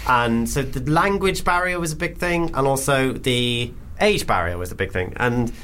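A man's voice: mid-range voice, animated, moderate pace, fairly bright tone, slight background noise. A man from England in his thirties, a comedian co-hosting a casual chat, telling stories wryly. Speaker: comedian and podcast co-host.

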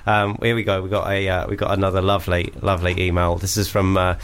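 A man's voice: deep voice, little pitch movement, fast talker, clean tone. Joking man co-hosting. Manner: joking, rambling, playful. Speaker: podcast co-host. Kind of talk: casual banter.

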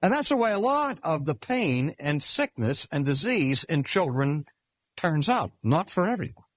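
A man's voice: a little high, big pitch swings, no room sound. Older man preaching, dry close sound. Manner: measured, emphatic delivery with slow stressed phrases. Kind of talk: sermon. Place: speaking at a cancer hospital.

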